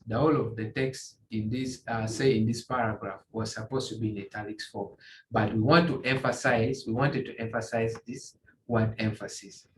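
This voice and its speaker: A man teaching a beginner's coding tutorial, walking through screen examples in a halting way, often repeating and restarting phrases. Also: mid-range voice, a bit bright. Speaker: tutorial instructor. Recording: echoey room, faint ambient noise.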